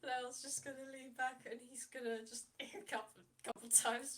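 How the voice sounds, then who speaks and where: A woman's voice: sits high, little pitch movement, normal speed, hardly any pauses, fairly bright tone. A woman playing a tabletop game, animatedly describing her character's actions and laughing often. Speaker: player.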